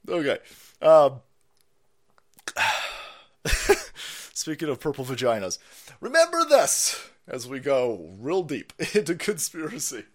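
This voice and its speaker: Male stream host, crude mocking rant, lively pitch swings, slightly higher voice. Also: takes it slowly, pauses often. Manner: profane, mocking, swings between shouting and muttering, laughs often. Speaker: livestream host. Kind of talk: ranting live commentary.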